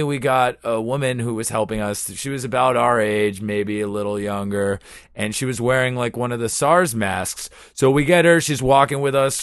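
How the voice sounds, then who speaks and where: A man hosting a podcast, telling stories in an animated, profane, playful comic monologue. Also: medium pitch, smooth, no echo, studio quality. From United States. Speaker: podcast host.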